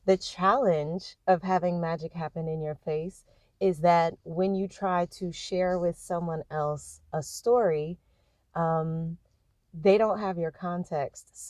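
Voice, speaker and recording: A woman speaking in a reflective personal monologue, thoughtful and unhurried, pausing often to find her words. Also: deep voice, darkish tone, no room sound. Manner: thoughtful, unhurried, with frequent hesitations.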